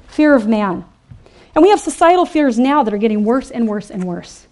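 Female speaker, slightly high voice, emphatic and animated sermon for a women's ministry. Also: normal speed.

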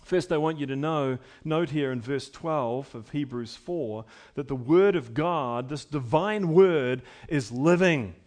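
A man's voice: a little high, a little slow, hardly any pauses, a little mellow. A middle-aged man preaching a sermon as pastor, emphatic and building with repeated phrases.

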